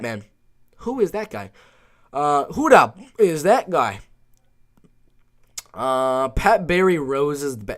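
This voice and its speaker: A man running a casual live stream, reading chat questions aloud and answering in a laid-back, offhand way. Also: medium pitch.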